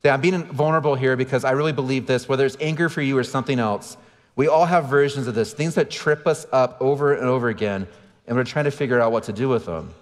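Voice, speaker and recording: A pastor, preaching a sermon and telling stories about himself with self-deprecating humor, picked up by a stage microphone in a large church auditorium. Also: male voice, medium pitch, fast talker. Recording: church livestream with long hall reverb.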